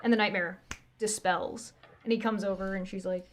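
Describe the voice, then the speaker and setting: A woman's voice: mid-range voice, fairly even intonation, normal speed, a little hiss or hum. A woman narrating a tabletop game as game master, loose and chatty with plenty of ums and laughs.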